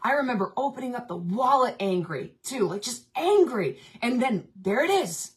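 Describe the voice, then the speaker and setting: A woman's voice: on the high side, very animated, moderate pace. A woman cohosting a recovery talk, candidly telling a personal story in a casual, confessional way. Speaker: co-host, family member.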